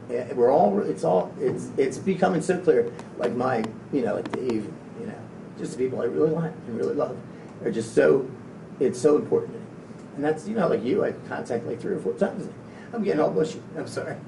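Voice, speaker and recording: A man giving a live motivational talk to an audience, rambling and tripping over repeated words. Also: vocal fry. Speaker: motivational speaker. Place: event room. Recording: echoey room from a distance, faint low rumble.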